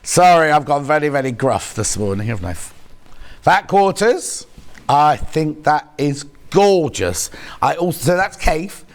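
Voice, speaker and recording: A man's voice: on the high side, expressive, measured pace. A man presenting a live shopping show, chatting playfully, teasing colleagues and reading out viewer messages. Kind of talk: live on-air selling chat.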